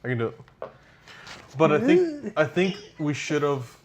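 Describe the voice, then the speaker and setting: A man's voice: on the high side, wildly swooping pitch, measured pace, slight background noise. A man co-hosting a wrestling podcast, rambling casually with many restarts and swearing. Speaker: podcast co-host. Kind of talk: casual chat.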